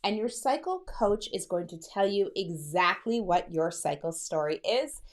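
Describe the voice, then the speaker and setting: A woman fertility coach talking straight to camera in a chatty, excited and personal way, calling her viewers girl and sis. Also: fairly low pitch, unhurried. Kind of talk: direct-to-camera coaching talk.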